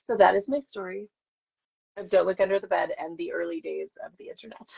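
A woman's voice: medium pitch, brisk, gravelly, darkish tone, slightly rough. A woman in her forties, an actress chatting with fans and telling stories on a live stream while signing autographs. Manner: chatty, self-deprecating, storytelling. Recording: dull lo-fi stream audio.

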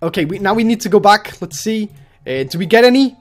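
A woman giving casual gameplay commentary as a YouTuber, excitable and prone to shrieking and laughing. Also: mid-range voice, a little fast, faint music behind. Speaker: gaming YouTuber.

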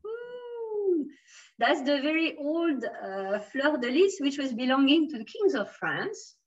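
A Swiss woman with a fairly high voice teaches a beginner French lesson. She switches between English and French, drops in many fillers and praises her students. Her voice sounds a little distant and dull, as if picked up from across a room. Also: big pitch swings, slow pace. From Switzerland. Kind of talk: online language class.

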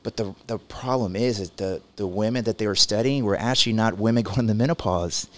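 A man's voice: on the low side, fairly quick, fairly bright tone. A man hosting a podcast as a doctor, explaining things in a loose, rambling way full of restarts. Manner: rambling, with many fillers and restarts. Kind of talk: casual conversational interview.

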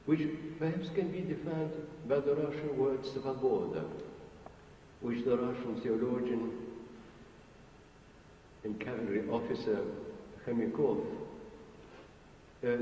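A man, an Orthodox bishop, giving a spiritual lecture in slow, deliberate, halting phrases with long pauses. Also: medium pitch, dark tone, a little hiss or hum. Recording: archival recording, echoey hall from far off.

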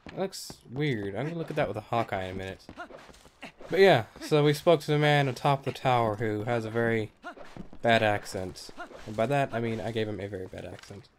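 A man's voice: medium pitch, fairly quick. A man hosting a let's play, giving casual, rambling gameplay commentary with wry asides and offhand cursing.

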